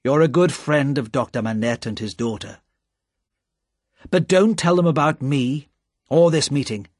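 A man reading aloud, voicing a calm, measured Englishman who speaks smoothly and quietly firm. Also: mid-range voice, no room sound, clean studio sound, lightly acted.

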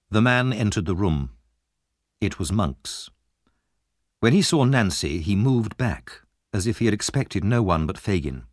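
Expressive male storybook narrator. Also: lowish voice, normal speed, no echo, clean studio sound. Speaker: audiobook narrator.

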